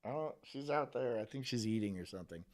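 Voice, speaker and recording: A fast-talking man with a medium-pitched, expressive voice and a darkish tone reacts to clips on a live stream. His commentary is casual and profane, full of laughter, with asides to his partner off mic.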